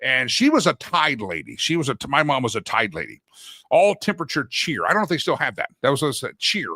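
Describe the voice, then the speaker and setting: A man's voice: mid-range voice, sing-song, fairly quick, pushed and bright, no echo. A middle-aged man from Texas hosting a talk show, rambling and joking in casual chat. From Deep East Texas. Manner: rambling, joking, self-interrupting.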